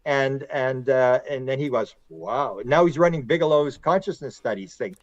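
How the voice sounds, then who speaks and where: A middle-aged man, a podcast guest and author, telling long stories in a rambling, animated way and acting out quotes. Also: mid-range voice, normal speed, no echo, lo-fi sound. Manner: animated, rambling storyteller who acts out quotes. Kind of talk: casual conversational storytelling.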